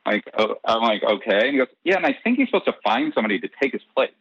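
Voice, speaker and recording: Lower-voiced man telling a lively story. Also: rapid-fire, breathy edge, dry recording. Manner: lively, acts out dialogue in his stories. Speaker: soap opera head writer, interview guest. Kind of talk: casual anecdotal storytelling. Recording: dull, dry lo-fi podcast audio.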